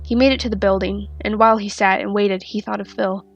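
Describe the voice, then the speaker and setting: A woman narrating a fanfiction story in a steady, soft-spoken reading. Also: mid-range voice, a little fast, creaky, dull audio. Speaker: fanfiction reader.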